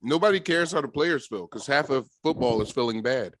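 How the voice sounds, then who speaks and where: A man's voice: mid-range voice, lively intonation, fairly quick, noisy background. A man co-hosting a casual podcast, laid-back and laughing along. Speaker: podcast co-host.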